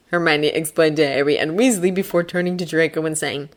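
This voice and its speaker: A woman reading fan fiction aloud as storybook narration, expressive and animated. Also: low-pitched, brisk, hardly any pauses.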